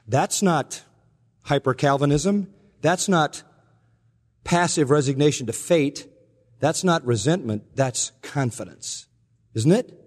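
A man preaching a sermon, telling stories earnestly and slowing down for the emotional parts. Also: a little high, animated. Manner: earnest storytelling, slows and softens for emotional quotes. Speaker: pastor. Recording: long reverb from a large hall.

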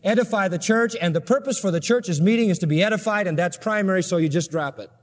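A man's voice: high voice, fast talker. A man preaching a sermon with emphasis and rhetorical questions, in a large church hall. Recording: long hall reverb.

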